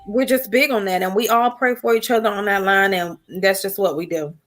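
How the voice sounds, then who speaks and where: A woman guest on a casual livestream talk show, an animated storyteller. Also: mid-range voice, fairly quick. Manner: animated storyteller, mimics family voices. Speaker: guest YouTuber.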